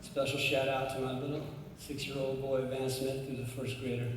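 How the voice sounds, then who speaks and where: A man with a Southern Arkansas accent, from Arkansas, giving an unhurried award acceptance speech with pauses and fillers. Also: mid-range voice, level tone, background noise. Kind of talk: warm acceptance speech with anecdotes. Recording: echoey hall, from far off.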